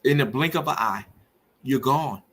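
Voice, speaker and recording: Middle-aged guy doing a grief podcast, husky voice, earnest, preachy. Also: medium pitch, moderate pace, a bit bright. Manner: earnest, preacherly, rising with feeling. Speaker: podcast host. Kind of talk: emotional personal monologue.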